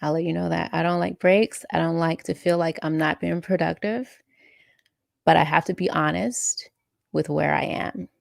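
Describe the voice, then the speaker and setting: Woman on a live stream, low gravelly voice, talks slow, dry close mic. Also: fairly even intonation, dry recording. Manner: warm, emotional, laughing often, reads viewer comments aloud. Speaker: live-stream host and coach. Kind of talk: casual live chat, reading out comments.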